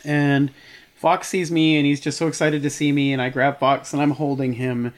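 A man's voice: fairly high pitch, level tone, moderate pace. A man in his thirties telling a heated story in casual chat, swearing often.

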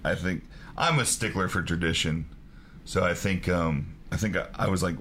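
Guy w a really low voice, cussing and chuckling thru wrestling stories, faint room hum. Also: normal speed. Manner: profane, laughing, animated storyteller. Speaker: wrestling promoter, podcast co-host. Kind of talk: casual storytelling chat.

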